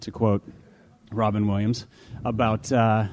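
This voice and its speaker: A man's voice: lowish voice, level tone, unhurried, darkish tone. A man co-hosting a live podcast with wry, wordy, dry humor. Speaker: podcast co-host.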